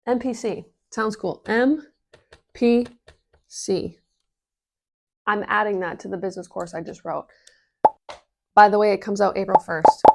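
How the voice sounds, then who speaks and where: A woman talking casually as a business coach, energetic and full of fillers, swearing now and then. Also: medium pitch, normal speed, gravelly. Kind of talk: casual explainer vlog.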